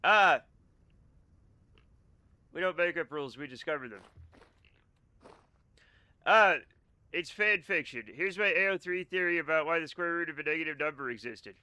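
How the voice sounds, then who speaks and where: A man's voice: a little high, expressive, quick pace, few pauses, bright, forceful tone, smooth, no echo. A young man streaming a game, chatting casually and sarcastically with his chat and swearing now and then. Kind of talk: casual chat reading live chat while gaming.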